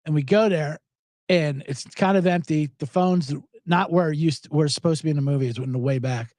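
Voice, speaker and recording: A man hosting a podcast, chatting casually and rambling through stories, acting out other people's lines in loud, higher voices. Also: fairly quick, no room sound, clean studio sound. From South Jersey, USA. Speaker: podcast host. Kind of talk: casual chat.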